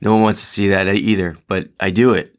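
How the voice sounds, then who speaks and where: A man's voice: sits low, fairly even intonation, brisk. A man hosting his own podcast in casual solo chat, rambling with lots of ums and restarts, joking at his own expense. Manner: rambling, full of ums and restarts, self-deprecating. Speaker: podcast host.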